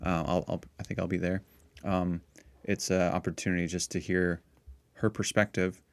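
Deep gravelly man chatting on a podcast. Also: normal speed, dry recording. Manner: relaxed, laughs easily, talks in short restarts. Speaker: priest co-hosting a parish podcast. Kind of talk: casual chat.

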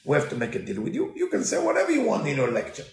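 A man's voice: fairly high pitch, wildly swooping pitch, very fast. A man voicing the businesslike people who hire a rabbi and set terms. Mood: persuasive. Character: businesslike church hirers making a deal. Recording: roomy echo.

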